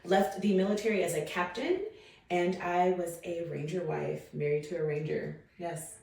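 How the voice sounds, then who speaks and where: A woman guest on a podcast, talking in a relaxed, casual way with fillers and affirmations. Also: fairly low pitch, normal speed, vocal fry. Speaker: podcast guest, military veteran. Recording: very echoey room.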